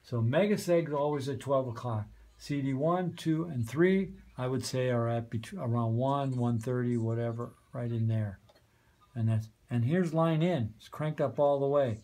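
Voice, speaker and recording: A man's voice: medium pitch, normal speed, warm tone. A man training volunteers on a community radio studio's soundboard, patiently checking understanding as he goes. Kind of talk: hands-on training walkthrough.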